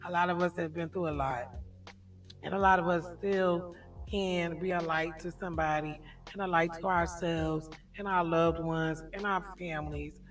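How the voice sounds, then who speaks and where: A middle-aged woman hosting a casual livestream chat, telling stories in an animated way and laughing often. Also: lowish voice, moderate pace, recorded from a distance, soft background music. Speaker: livestream host.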